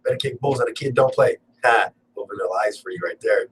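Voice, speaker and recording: A man's voice: medium pitch, fast talker, far from the mic, low-quality recording. A young man hosting a casual solo talk show, rambling and joking and swearing freely. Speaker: cannabis talk show host. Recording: faint background noise, a bit off-mic.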